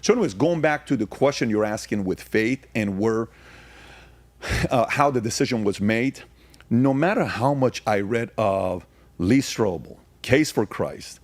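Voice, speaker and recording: A man's voice: on the low side, expressive, no echo. A middle-aged man from Iran, a podcast guest, telling stories in an emphatic way and hammering points through repetition. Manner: emphatic, rapid-fire repetition. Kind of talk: casual storytelling.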